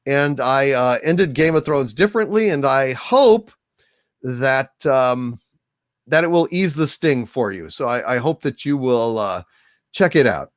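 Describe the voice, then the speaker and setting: A man hosting a casual livestream, thanking viewers by name in a soft, halting way. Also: mid-range voice, expressive, dry recording, clean studio sound. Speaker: livestream host. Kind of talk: casual livestream chat, reading viewer donations.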